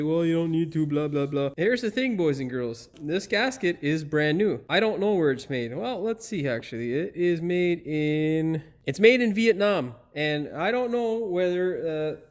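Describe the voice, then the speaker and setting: Joking, cursing mechanic with a higher voice. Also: male voice. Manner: joking and swearing, talking to viewers as he works. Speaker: auto repair channel host. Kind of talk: casual how-to narration while working. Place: auto repair shop with a hoist.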